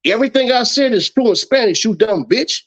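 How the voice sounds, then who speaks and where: A man's voice: extremely high pitch, animated, a little fast. A man hosting a late-night livestream, ranting profanely and mockingly at critics, laughing often. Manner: brash, mocking, laughs a lot. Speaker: livestream host. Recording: dull lo-fi stream audio.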